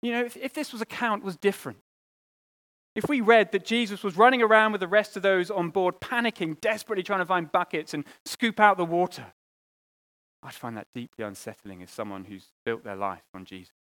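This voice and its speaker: Guy preaching, kinda high voice, earnest, gets loud then drops real quiet. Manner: earnest, with pauses and repeated words, rising and falling between loud and quiet. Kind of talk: sermon.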